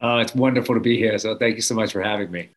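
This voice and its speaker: A man's voice: fairly low pitch, quick pace. A man in his forties, a guest telling his story in an earnest, reflective way with some fillers. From United States. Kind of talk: conversational storytelling.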